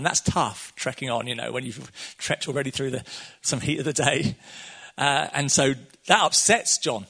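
Bright, husky-voiced preacher man. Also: mid-range voice, normal speed. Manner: chatty and conversational, laughs often, acts out quotes. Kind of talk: casual sermon.

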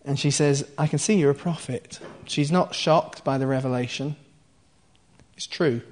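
Man, preacher, conversational sermon, explains verse by verse, mid-pitched voice. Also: moderate pace. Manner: explains scripture line by line with asides and soft laughs. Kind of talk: conversational Bible teaching.

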